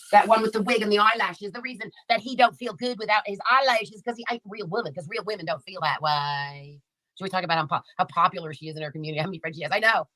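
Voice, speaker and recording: A woman's voice: mid-range voice, a bit bright, no echo, rough recording. A woman hosting a live commentary stream, sarcastic and profane, chatting casually and reading out comments. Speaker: livestream commentary host.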